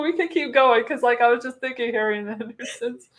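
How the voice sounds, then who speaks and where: A woman's voice: fairly high pitch, quick pace, hardly any pauses. A woman in her thirties co-hosting a casual talk show. She rambles from one memory to the next, laughs often and swears freely as she talks. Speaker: co-host. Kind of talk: casual chat.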